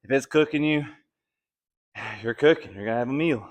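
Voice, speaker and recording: A man's voice: medium pitch, normal speed. A young man from Alabama chats straight to the camera as he works through a kettlebell routine at home. He sounds winded and keeps things loose and joking, counting down each round. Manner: laid-back, joking, counting reps between sets. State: out of breath. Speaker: fitness vlogger. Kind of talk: casual workout follow-along chat.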